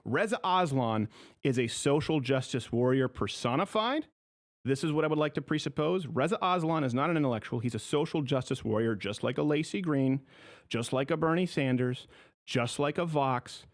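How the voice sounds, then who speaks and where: A man hosting a political talk show offers opinionated commentary with a sarcastic, mocking, animated delivery. His voice is mid-range at a moderate pace.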